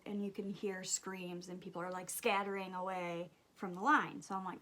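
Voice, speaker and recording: A young woman tells a story while she does her makeup on camera. She talks in an animated, casual way, swears freely and drops to a whisper at times. Her voice sits at a middle pitch. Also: moderate pace, hardly any pauses. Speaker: beauty vlogger.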